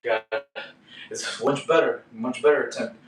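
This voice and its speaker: Excitable, breathless male fitness streamer. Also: mid-range voice, moderate pace, far from the mic. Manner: excitable, breathless, laughing between attempts. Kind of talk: casual live-stream chat with viewers. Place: indoor room upstairs at home. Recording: echoey room with faint ambient noise.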